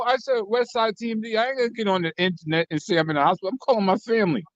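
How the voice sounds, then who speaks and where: A man telling lively stories in a casual online group chat. He swears freely, laughs a lot and mimics the lines of other people. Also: sits high, rapid-fire, hardly any pauses, dry recording, muffled recording. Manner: animated storyteller, profane, mimics others' lines, laughs often. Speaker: channel host telling stories to co-hosts.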